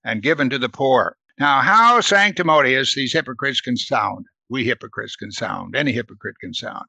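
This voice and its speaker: A man's voice: mid-range voice, expressive, moderate pace, creaky, hardly any pauses, sharp tone, husky, no echo. Earnest man teaching a Bible study. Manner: earnest, asks the listeners questions, adds "right?".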